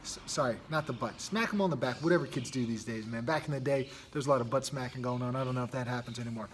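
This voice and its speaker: A man's voice: medium pitch, quick pace, slight background noise. A man hosting a podcast and coaching youth sports. He talks earnestly in a loose, casual monologue, restarting sentences and adding "right?" often.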